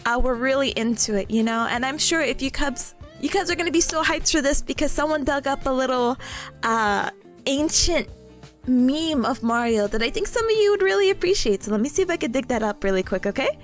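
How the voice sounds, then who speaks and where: Bubbly high-voiced woman streamer. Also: expressive, a little fast, soft background music. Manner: giggly, bubbly, greets chat warmly. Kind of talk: casual live-stream chat.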